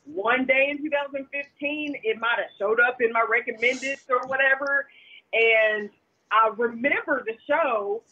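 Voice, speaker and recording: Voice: sits high, measured pace, slightly rough. A caller with a Kentucky accent chatting on the phone, hesitant, with lots of fillers and giggles. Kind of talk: casual phone chat. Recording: muffled phone call line.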